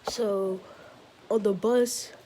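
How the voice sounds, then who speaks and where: A woman's voice: mid-range voice, steady tone, very slow, warm tone, a little hiss or hum. A woman casually telling a made-up fan story, rambling with lots of "like" and restarts.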